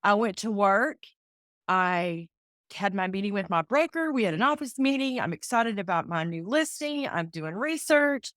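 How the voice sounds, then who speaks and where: A woman's voice: mid-range voice, expressive, normal speed, fairly bright tone, dry recording, studio quality. Heartfelt woman telling a personal story. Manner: heartfelt, acts out remembered dialogue. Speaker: real estate agent, guest. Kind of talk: emotional personal storytelling in an interview.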